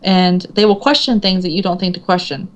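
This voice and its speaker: Being interviewed as an author, a woman with a lowish, slightly fast voice chats casually. She tells stories with animation, acting out quoted voices and laughing often.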